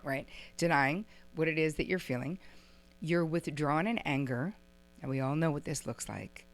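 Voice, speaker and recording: Low-voiced woman teaching a workshop. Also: normal speed. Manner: lively, acts out little quoted exchanges; chatty, uses "like" and "right?" often. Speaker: relationship teacher. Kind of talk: workshop lecture to a live audience.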